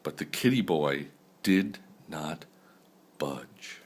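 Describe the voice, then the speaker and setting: An older man, a grandfather, reading a picture book aloud in an unhurried, expressive way. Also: rumbling low.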